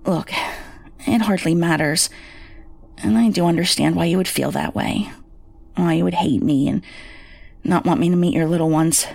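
A woman's voice: on the low side, normal speed, gravelly, pauses often, darkish tone, pitched below the performer's own voice. A woman voicing a tearful, remorseful middle-aged mother who pleads and sobs. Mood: tearful pleading. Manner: pleading, sobbing.

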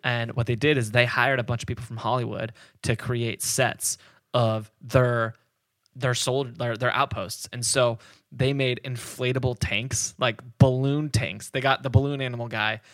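A man's voice: mid-range voice, steady tone, normal speed, fairly bright tone, no echo, studio quality. A man hosting a podcast, telling a history story in casual chat, rambling with many fillers and frequent laughs.

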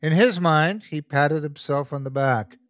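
A man's voice: a little high, unhurried, fairly bright tone, no echo. A man narrating a scripted horror story as the show's host, telling it expressively.

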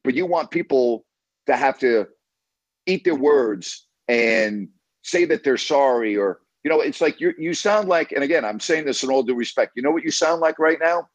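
A man's voice: mid-range voice, expressive, moderate pace, no echo, poor audio. A man hosting a call-in sports radio show, blunt and emphatic, who keeps repeating himself to press his point.

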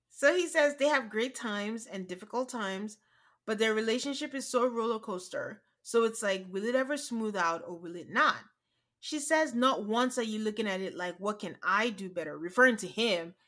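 A woman co-hosting a podcast, chatting casually and retelling scenes by quoting people in a flat, drawn-out voice. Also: mid-range voice. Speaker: podcast co-host. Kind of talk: casual recap chat.

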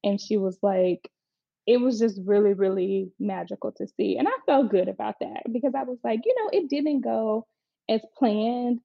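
A woman's voice: medium pitch, normal speed, vocal fry, no room sound. A young adult woman casually telling a personal story, chatty and frank, often acting out what people said. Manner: chatty, frank, quotes people in lively voices. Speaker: mother telling her birth story. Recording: slightly dull, dry lo-fi recording.

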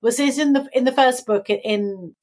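A woman's voice: a little high, moderate pace, a little mellow. A middle-aged woman, an author, talking casually in an interview, with frequent tag questions and light laughs. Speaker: author guest.

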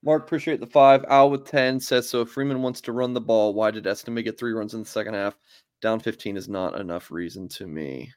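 A man's voice: on the low side, a little fast, darkish tone, no room sound, clean studio sound. A man hosting a sports talk show, casually reading viewer messages and signing off. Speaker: show host.

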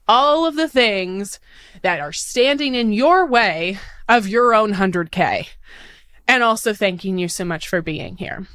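A woman in her late twenties hosting a podcast, talking in a bubbly, excited, gushing way. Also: a little high, clear, resonant tone, dry recording. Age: 20s. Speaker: podcast host. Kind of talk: upbeat podcast monologue.

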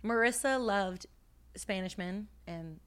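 A woman's voice: medium pitch, takes it slowly, clean tone. A young woman co-hosting a podcast, telling travel stories in casual chat with a playful, self-mocking manner. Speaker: podcast co-host.

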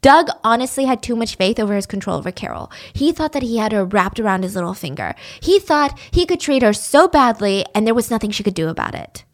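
A young woman tells a true-crime story in a loose, chatty way, dropping sarcastic asides as she goes. Her voice sits fairly high and stays conversational throughout. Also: very animated, a little fast, hardly any pauses.

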